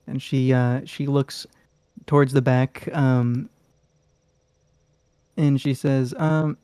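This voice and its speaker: Mellow-voiced man rambling as game master. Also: medium pitch, steady tone, takes it slowly, clean tone, no room sound. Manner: rambling, loose casual narration with many fillers and laughs. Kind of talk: narrating a tabletop game.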